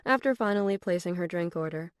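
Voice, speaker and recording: A woman narrating an audiobook in an even, steady reading voice. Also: lowish voice, fast talker, clean tone, no echo, studio quality. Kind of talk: scripted narration.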